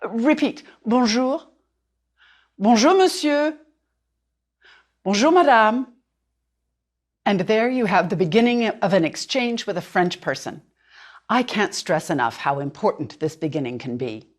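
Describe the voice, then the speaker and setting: Lively-pitched woman teaching a language. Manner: clear, deliberate, slows down for drilled words. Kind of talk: instructional narration.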